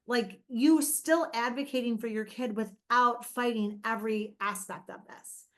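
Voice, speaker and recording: A woman guest on an interview, telling lively stories about raising her autistic son, laughing often and acting out quoted lines in casual chat. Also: on the high side, unhurried.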